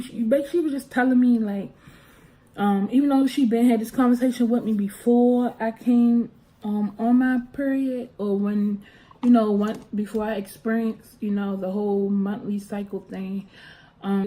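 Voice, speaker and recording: Young woman, casual storyteller, animated, mellow voice. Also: mid-range voice, a little slow, rough recording. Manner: animated, expressive, talks with her hands. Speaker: vlogger.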